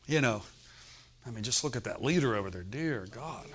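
A man delivering a sermon with an easy, joking, conversational delivery and frequent laughter. His voice is mid-pitched, and he builds up to loud calls to his listeners. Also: expressive, moderate pace. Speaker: preacher.

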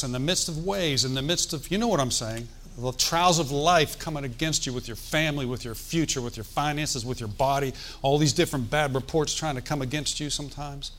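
A man's voice: mid-range voice, fairly bright tone, slight background noise. A man preaching a sermon in a conversational, folksy way, with joking asides and calls for the congregation to answer. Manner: asks the congregation for responses.

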